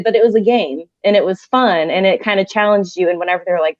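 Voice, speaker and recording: A woman's voice: medium pitch, fairly quick, a little mellow, dry recording. A woman in her twenties, a coach, chatting casually and using lots of fillers. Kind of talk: casual chat. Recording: dry, dull lo-fi audio.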